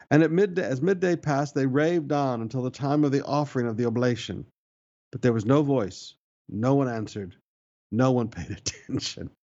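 A man's voice: mid-range voice, a little mellow, dull audio. A pastor preaching a sermon, reading scripture and pressing his points with emphatic, repeated phrases.

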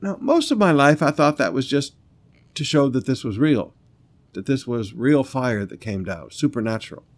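Reading scripture and adding his own commentary, a man preaches at normal speed in a mid-range voice with lively intonation. His sermon alternates between forceful, loud declarations and soft, sincere asides.

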